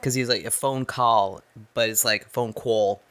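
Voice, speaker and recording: A man's voice: mid-range voice, moderate pace, sharp tone. A man guest on a casual movie-review podcast, joking and explaining his points.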